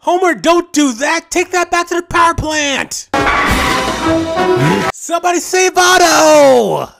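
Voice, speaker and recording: A man doing a comedic roast voice-over, talking in animated slang, mock-outraged and shouting his jabs. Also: very high-pitched, slow pace, gravelly. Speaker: roast commentator. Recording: voice-over with loud music underneath. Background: music.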